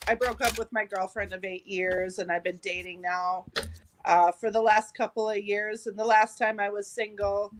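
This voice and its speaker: A woman's voice: medium pitch, steady tone, normal speed, slight background noise. A female stand-up comic talking in an upbeat, chatty way and swearing casually as she sets up her joke. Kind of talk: casual comedy workshop chat.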